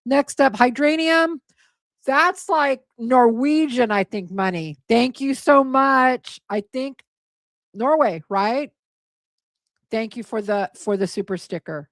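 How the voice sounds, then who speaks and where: A tired, hoarse woman hosting a casual livestream, thanking her viewers and getting emotional, and stumbling over names. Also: medium pitch, dry recording, clean studio sound. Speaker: livestream host.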